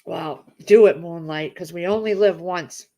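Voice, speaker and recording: Speaking a little slowly with a fairly low pitch, a middle-aged woman hosts a casual livestream and chats warmly with viewers. She reads out and gushes over their comments, drifting from thought to thought.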